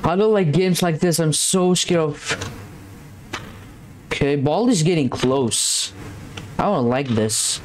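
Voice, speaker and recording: A man's voice: a little high, slow, pauses often. A man talking over a horror game, jittery and scared, rambling and repeating himself. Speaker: gameplay commentator. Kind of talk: gameplay commentary. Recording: noisy background.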